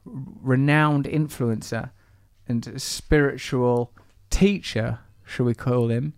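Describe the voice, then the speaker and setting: A podcast host with a mid-range voice speaks slowly through a playful intro, teasing and rambling through asides between introductions. The recording is studio quality with no room sound.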